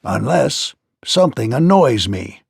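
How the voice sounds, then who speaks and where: A man voicing a pompous, easily frightened fat gnome king in a storybook read-aloud, crying out in high, shaken tones. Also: sing-song, measured pace, creaky, breathy edge, no echo, clean studio sound, heavily acted.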